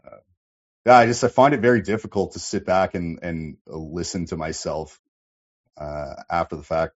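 A man's voice: sits low, steady tone, normal speed, muffled recording. A man hosting a casual livestream, reading chat and rambling with lots of swearing and fillers. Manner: rambling, profane, many fillers.

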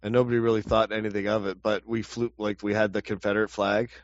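A man's voice: on the low side, flat delivery, fast, dry recording, dull audio. A man in casual chat, rambling and cursing with frequent restarts as a co-host. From Canada. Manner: rambling, profane, laughs often.

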